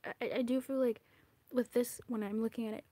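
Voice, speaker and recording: A woman gives a casual card reading in a husky, somewhat high voice. She talks in a lively, chatty way, swears freely, and drops into whispers now and then. The sound is dry and close to the mic. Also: brisk, no room sound. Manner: animated, chatty, swearing, slipping into whispers and acted asides. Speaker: tarot reader.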